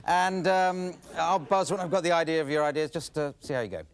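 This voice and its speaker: A man's voice: fairly high pitch, a little fast. A man hosting an improv comedy show, hesitant and full of little restarts. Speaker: game show host. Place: TV studio with live audience.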